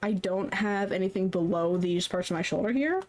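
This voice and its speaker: A woman's voice: medium pitch, normal speed, darkish tone. A young woman chatting casually on a live stream while she draws, rambling and self-deprecating. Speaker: streamer drawing fan art.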